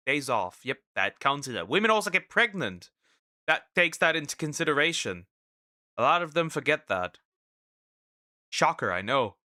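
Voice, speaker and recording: A man's voice: mid-range voice, pushed and bright, no echo, clean studio sound. A man streaming and reacting to clips in casual commentary, talking hesitantly with many restarts and repeated words.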